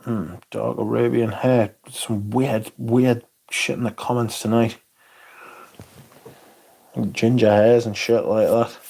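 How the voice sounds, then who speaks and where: A man hosts a casual livestream, reading viewer comments aloud in an unhurried drawl. His voice has a gravelly, creaky edge. He rambles along at an easy pace and swears offhandedly. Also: medium pitch, flat delivery, darkish tone. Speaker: livestream host.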